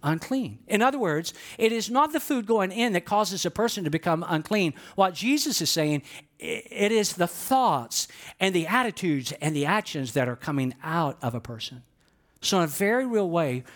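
A male pastor preaching a sermon, animated and storytelling, asking the congregation to respond along with him. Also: a little high.

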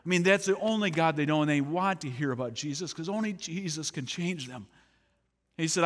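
A man's voice: fairly high pitch, brisk. A man speaking as a missionary, giving a sermon full of stories and acting out the people he quotes. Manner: animated storyteller acting out quoted voices. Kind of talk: sermon with storytelling. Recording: long hall reverb.

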